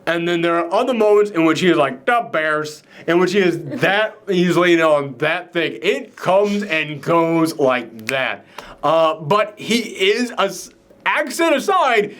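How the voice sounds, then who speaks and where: A man's voice: high-pitched, a bit bright. A man hosting a casual movie reaction chat, enthusiastic and rambling, with lots of fillers and restarts. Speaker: film review show host.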